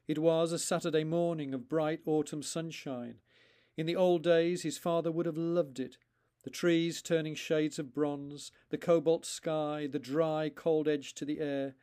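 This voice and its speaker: A man, the author himself, reading his own short story aloud in a slow, deliberate narration with pauses between phrases. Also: on the high side, level tone, mellow, smooth.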